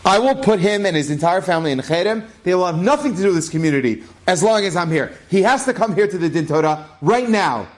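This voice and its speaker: A man's voice: high voice, expressive, fast, few pauses, pitched above the performer's own voice. A man voicing a stubborn young rabbi who refuses to back down. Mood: defiant. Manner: firm, indignant.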